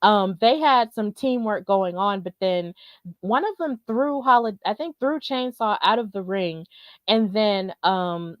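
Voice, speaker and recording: A woman host recaps a wrestling match in a casual, hesitant way, pausing on fillers. The sound is dull and lo-fi, dry with no room behind it. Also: mid-range voice, dry recording.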